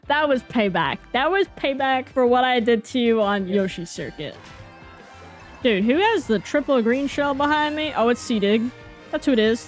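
A woman giving casual live gameplay commentary, excitable and self-mocking, with slang and mild swearing. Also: fairly high pitch, a little slow, faint music behind. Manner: excitable, groans and cheers at every turn. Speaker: gaming video creator.

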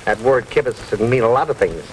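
An actor playing a brash, wisecracking Brooklyn mechanic in a 1940s film comedy. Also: male voice, medium pitch, expressive, a little hiss or hum, lightly acted, rough recording. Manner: brash, fast-talking wisecracks. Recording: old film soundtrack with music.

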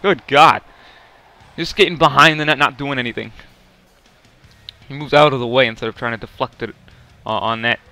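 A man giving live commentary while playing a hockey video game, excitable and quick to yell and swear at the plays. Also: mid-range voice, creaky, soft background music. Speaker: gaming video creator.

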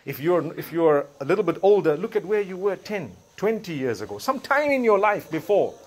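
A man's voice: high-pitched, sing-song, a little fast. A man giving a Friday sermon, preaching emphatically with rhetorical questions and recited Arabic verses.

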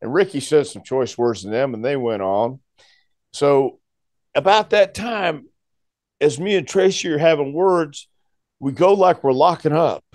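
Man, 60s, interview guest, lively storyteller, acts out voices, bouncing pitch. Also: measured pace, no room sound. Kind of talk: storytelling in a conversation.

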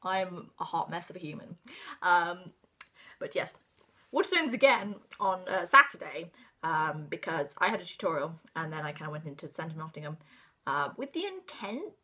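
A woman in her twenties with an English accent, chatting casually about books she bought, rambling and excitable, trailing off into whispers. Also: medium pitch. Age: 20s. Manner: rambling, self-interrupting, excitable; swings into hushed whispers. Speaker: book vlogger. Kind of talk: casual book haul chat.

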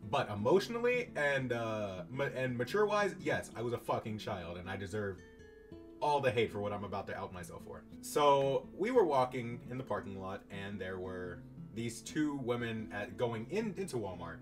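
Young man, casual storytime, self-mocking and animated, mic set back, soft guitar music underneath. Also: mid-range voice, normal speed. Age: young adult. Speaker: YouTuber. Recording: distant mic, faint guitar music behind.

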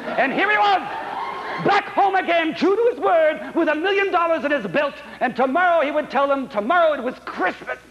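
A man telling a comic melodrama on stage in a theatrical, animated way, on a dull old recording. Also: very high voice, moderate pace, a faint crowd, slight background noise. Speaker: stage performer. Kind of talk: comic dramatic storytelling on stage.

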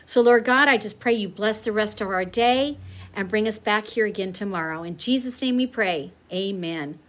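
A woman's voice: medium pitch, moderate pace. A middle-aged woman teaching a Bible lesson to children and praying in an earnest, tender way. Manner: tender, earnest, turns to soft whispered prayer.

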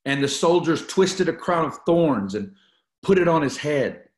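A man's voice: on the high side, expressive, unhurried, reverberant. A man teaching a Bible study, reading scripture aloud and preaching on it with repeated phrases for emphasis. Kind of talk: teaching sermon.

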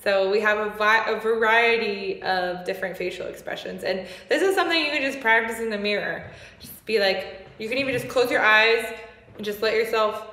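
A woman's voice: mid-range voice, moderate pace, bright, forceful tone, reverberant. A woman teaching a singing lesson, playful and laughing often as she explains and demonstrates. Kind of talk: music lesson.

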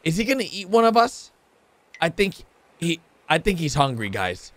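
A man hosting a reaction video, commenting excitedly on a cartoon and swinging between hushed asides and shouts. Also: a little high, moderate pace, dry recording.

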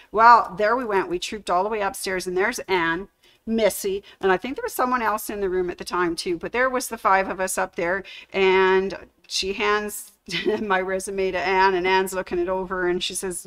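A woman's voice: mid-range voice, fairly even intonation, normal speed, a bit bright. Middle-aged lady giving a store anniversary speech, storytelling, does little voices for people. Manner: storytelling, acts out quoted dialogue. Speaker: store employee giving a tribute. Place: sewing store media room.

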